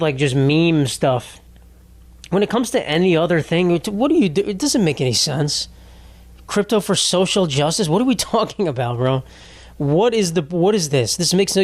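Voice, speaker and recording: A young man from New hosts a solo podcast in a slightly high voice. He rambles and rants sarcastically, swears freely and laughs often. The recording is dry and close. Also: no room sound. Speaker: podcast host. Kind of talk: casual solo podcast rant.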